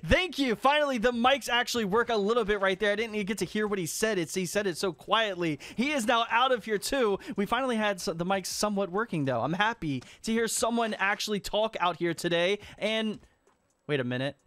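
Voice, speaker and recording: A young man commentating his own gameplay, excitable and teasing as he calls out to other players. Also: high-pitched, a little fast. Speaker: gaming YouTuber.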